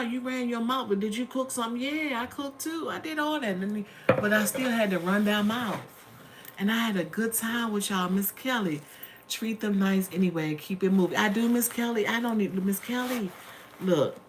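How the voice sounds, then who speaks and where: A woman's voice: medium pitch, slight background noise. A middle-aged woman hosting a casual livestream from home, telling stories in a chatty way and calling her viewers honey and y'all. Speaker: livestream host.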